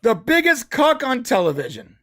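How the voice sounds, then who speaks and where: High-voiced sarcastic podcast co-host man. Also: huge pitch swings, normal speed, sharp tone, dry recording, studio quality. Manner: sarcastic, mocking, rambling. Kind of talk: casual political commentary.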